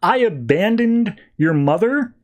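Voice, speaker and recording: A man's voice: sits high, lively intonation, slow, pitched above the performer's own voice. A man doing a brusque guilt-ridden archer hero. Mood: awkward. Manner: offhand, awkward, brushing things off. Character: reluctant middle-aged male archer hero, guilty and brusque.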